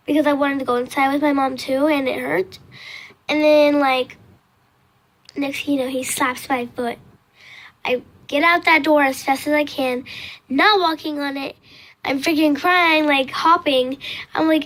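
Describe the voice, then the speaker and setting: A woman's voice: sits high, fairly even intonation, measured pace, a bit bright. A teenage girl telling a storytime vlog casually, rambling with lots of fillers and acting out her own cries. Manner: rambling, lots of "like" and "next thing you know"; acts out her own cries and quoted lines. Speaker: vlogger.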